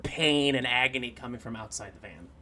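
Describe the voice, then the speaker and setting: A man narrating as game master of a tabletop role-playing game, loose and casual with fillers, breaking into loud bursts for figures. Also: medium pitch, fairly quick, slight background noise. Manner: loose, laughing, with fillers and shouted bits for figures.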